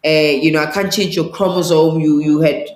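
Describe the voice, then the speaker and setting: An animated woman teaching as an interview guest, acting out the voices of the people she quotes. The room gives her voice a noticeable echo. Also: low-pitched, moderate pace. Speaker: sangoma and spiritual teacher. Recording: roomy echo.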